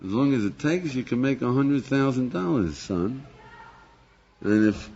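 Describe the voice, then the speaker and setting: A rabbi teaching a class to a live audience in an animated, questioning way, chuckling and acting out little dialogues. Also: male voice, mid-range voice, a little slow. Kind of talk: lively lecture to a live audience. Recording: dull lo-fi archival lecture tape.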